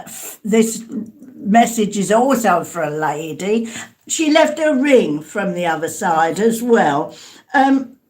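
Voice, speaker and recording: Slow, hesitant woman medium. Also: on the high side. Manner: hesitant, calls listeners darling and sweetheart. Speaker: spirit medium. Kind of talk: live mediumship reading to an online audience.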